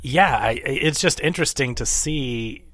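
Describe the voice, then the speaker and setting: A man in casual movie talk who rambles and slips into silly voices when he quotes people. His pitch sits in a middle range. The sound is close and dry. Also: unhurried, fairly bright tone, no echo. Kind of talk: casual chat.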